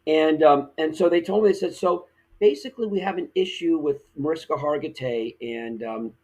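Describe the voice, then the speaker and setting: A man's voice: on the high side, moderate pace, rough recording. A man, an actor guest on a podcast, telling a story in a casual way and acting out the quoted lines. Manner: animated, acts out quoted dialogue.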